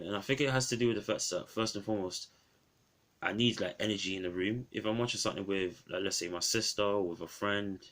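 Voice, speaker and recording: A man's voice: lowish voice, a bit bright. A man reviewing an old film in a casual, rambling vlog, often restarting his phrases.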